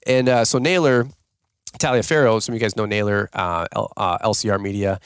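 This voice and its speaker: A man hosting a podcast talks at a quick clip, spinning loose, rambling stories packed with "like" and "dude." He pokes fun at himself, and his pitch jumps whenever he quotes someone. The recording is close and dry, with no room sound. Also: steady tone, clear, resonant tone, dry recording. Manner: filler-heavy, self-mocking, jumps into higher-pitched voices when quoting people. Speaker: podcast host. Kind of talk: casual rambling storytelling.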